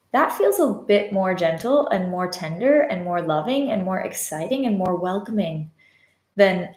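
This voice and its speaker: A woman's voice: mid-range voice, expressive, unhurried, a little mellow, roomy sound. A woman hosting a casual live-stream podcast, telling a personal story in a candid, reflective way with frequent fillers. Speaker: podcast host and love coach. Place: indoors at home, live on social media.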